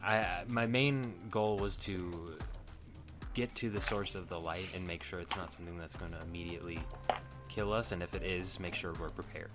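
A man with a very low voice takes his turn as a player, talking slowly and tentatively. Music plays clearly in the background while he speaks. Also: steady tone. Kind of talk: casual chat in a tabletop game.

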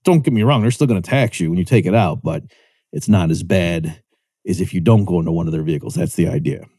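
Man, economics lecturer, deep voice, dry close sound, chatty, asks "right?". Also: quick pace, dark tone, breathy edge, no room sound. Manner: chatty, checks in with rhetorical "right?"; acts out quoted voices with lifted pitch. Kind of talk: conversational explanatory lecture.

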